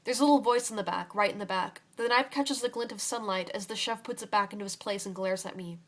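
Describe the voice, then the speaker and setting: A young woman reading her own story aloud in a quiet, halting way, with fillers and restarts. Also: medium pitch, fairly even intonation. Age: young adult.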